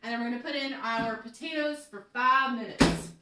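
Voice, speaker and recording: A woman's voice: fairly high pitch, normal speed, very noisy. A woman hosting a live cooking class from her home kitchen, chatting and rambling with lots of fillers and laughs. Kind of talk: live cooking demo chat.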